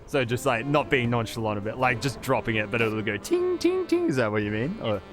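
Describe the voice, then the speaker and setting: A man's voice: mid-range voice, fast, over music. A man running a tabletop game as game master, narrating with frequent laughs. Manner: laughing, animated storyteller.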